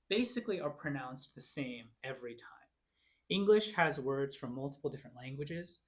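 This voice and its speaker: Picture a man at the front of a church classroom, walking students through unfamiliar words syllable by syllable. His pitch swings widely and he praises each try. The pace is patient and clear. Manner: encouraging, sounds out words slowly. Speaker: Bible class teacher. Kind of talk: classroom teaching.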